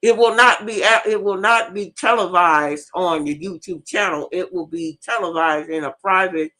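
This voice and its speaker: A woman host and teacher telling an animated, profane story in casual live talk, repeating herself as she goes. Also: fairly low pitch, normal speed.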